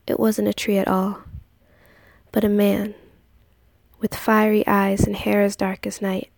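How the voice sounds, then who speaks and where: A woman narrating a story in a soft, hushed, partly whispered reading. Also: mid-range voice, completely flat delivery, measured pace, creaky, no echo.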